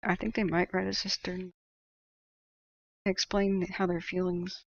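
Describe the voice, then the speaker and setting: Woman streamer with a husky-edged fry, casual and opinionated as she reads chat, on a muffled mic. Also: fairly low pitch, flat delivery, unhurried, long pauses. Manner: opinionated, chatty, laughs often. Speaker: livestream host reading chat.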